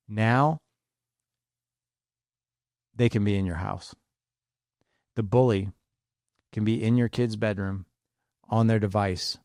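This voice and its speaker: A fifty-year-old man delivers an urgent, impassioned podcast monologue and hammers his points home through repetition. His voice sits low, and the recording is dry and close with no room echo. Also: darkish tone. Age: 50s. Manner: urgent, impassioned, repeats for emphasis. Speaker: podcast host.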